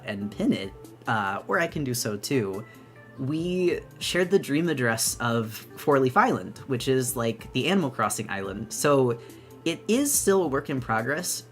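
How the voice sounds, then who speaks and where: A young woman chatting excitedly on her debut live stream, bubbly and gushing, rambling with lots of restarts. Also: extremely low pitch. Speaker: VTuber streamer.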